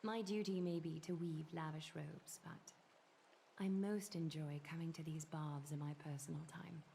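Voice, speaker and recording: An actress with a British accent voicing a poised, refined noblewoman in a game, speaking in a soft, proper manner. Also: deep voice, fairly even intonation, moderate pace, creaky, a little hiss or hum. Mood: soothing. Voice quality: posh, proper, soft-spoken. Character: poised, refined noblewoman weaver, calm and soothing. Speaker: game character. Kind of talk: video game voice acting. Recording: game audio with music behind.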